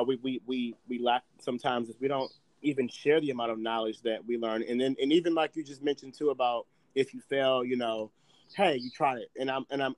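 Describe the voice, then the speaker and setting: A man's voice: medium pitch, no echo, poor audio. A man in casual podcast chat, talking animatedly and acting out his own anxious thoughts.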